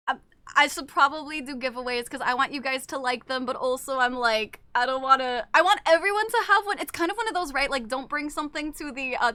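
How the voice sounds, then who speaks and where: Young streamer girl, high bright voice, gushy and hyped, dry close sound. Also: no echo. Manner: excitable, gushing, swears casually. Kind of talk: casual live-stream chat.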